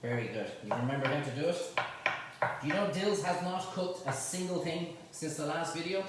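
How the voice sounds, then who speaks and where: A middle-aged Irish man hosts a cooking show, keeping up a stream of chatty, teasing banter as he cooks. His voice sits a touch high for a man. It rings around a very echoey kitchen, picked up from some distance off the mic over faint background noise. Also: moderate pace. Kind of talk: live cooking demonstration. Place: home kitchen.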